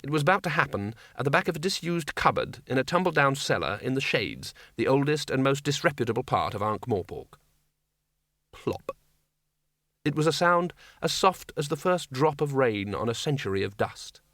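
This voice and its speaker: A man reads a comic fantasy novel aloud in a wry, measured way. His voice is bright and clear. The recording is close and dry, with no room sound. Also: medium pitch, animated, no echo. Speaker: audiobook narrator. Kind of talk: scripted narration.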